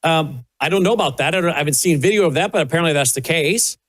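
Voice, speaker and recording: A man's voice: a little high, fast, a bit bright. A man hosting a talk show, chatting casually and thinking aloud as he introduces and reacts to clips. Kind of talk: casual commentary.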